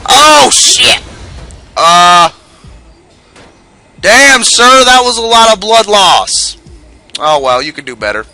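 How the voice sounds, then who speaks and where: A man's voice: high voice, big pitch swings, slow, long pauses, sharp tone, heavily acted, poor audio. A man putting on the voice of a giddy older male comedian who coughs, rambles, curses and scat-sings nonsense while commenting on gameplay. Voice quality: gravelly, with coughing fits. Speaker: gamer doing a voice.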